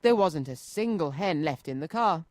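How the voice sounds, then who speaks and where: A man presenting a children's radio show, reading a storybook aloud in a lively, clear way from a studio. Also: on the high side, moderate pace, no echo.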